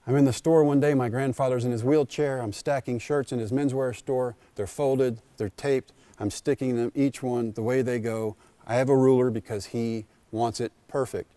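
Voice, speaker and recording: A man giving a storytelling speech at a school district convocation, in short punchy sentences with dramatic pauses. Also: mid-range voice, fairly even intonation, dark tone, no echo. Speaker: keynote speaker.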